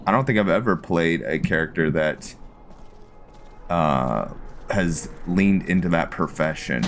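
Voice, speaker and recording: A man with a very low voice and an unhurried pace gives casual commentary as he plays a fantasy game. He thinks aloud in a relaxed way, with plenty of fillers, and faint music plays underneath. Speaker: let's play host.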